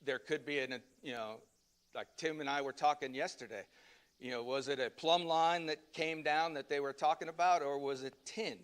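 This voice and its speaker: A man's voice: a little high, fairly even intonation, normal speed, smooth. A man teaching a Sunday Bible class at church in a loose, conversational way, with fillers and restarts.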